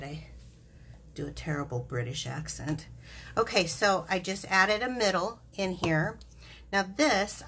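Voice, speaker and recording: A woman's voice: on the low side, a bit bright, a little hiss or hum. A woman hosting a live craft demonstration, chatty and giggly, explaining each step as she works.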